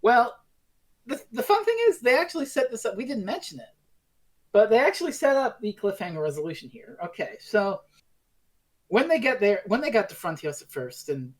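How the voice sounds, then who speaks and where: A woman's voice: fairly high pitch, big pitch swings, fairly quick. A woman co-hosting a podcast in casual chat, blunt and swearing freely as she recaps. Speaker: podcast co-host.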